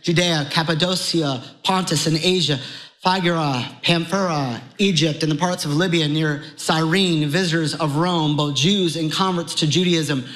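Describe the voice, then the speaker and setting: A man preaching a sermon to a congregation, conversational and animated, his voice jumping higher as he gets excited. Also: unhurried, poor audio. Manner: animated, conversational preaching with sudden rises in pitch. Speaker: pastor.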